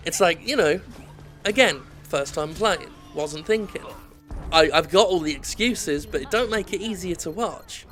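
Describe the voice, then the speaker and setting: A man's voice: fairly high pitch, measured pace, a bit bright, faint music behind. A man giving rambling, sweary, self-deprecating commentary over his own gameplay, drifting off on tangents. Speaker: gaming video host.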